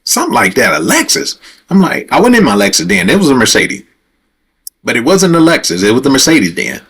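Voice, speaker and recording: A man's voice: medium pitch, wildly swooping pitch, fairly quick, a bit bright, husky. Rambling man chatting on a livestream. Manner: rambling, conversational, talks straight to viewers; swears and gets heated retelling a confrontation. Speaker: livestream host. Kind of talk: casual livestream storytelling.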